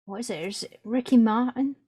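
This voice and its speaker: A woman's voice: on the high side, a little fast, warm tone, husky. A woman co-hosting a podcast in casual chat, giggly, mostly giving short reactions. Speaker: podcast co-host.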